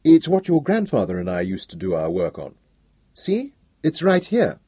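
A man voicing a gentle, awkward older male scientist who talks softly and kindly, with some hesitation. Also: mid-range voice, wildly swooping pitch, moderate pace, breathy edge, no room sound, studio quality. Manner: soft-spoken, kindly, hesitant.

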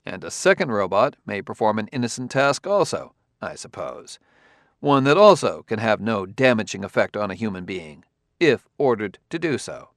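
A man's voice: fairly low pitch, big pitch swings, normal speed, dry recording, studio quality. A man voicing an insistent adult male detective who presses his questions methodically, read as an audiobook character.

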